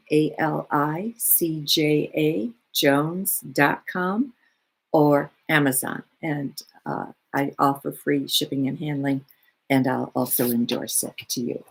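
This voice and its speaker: A woman who works as a spiritual healer, giving her weekly talk in an unhurried, rambling way with many fillers. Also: deep voice, slightly rough.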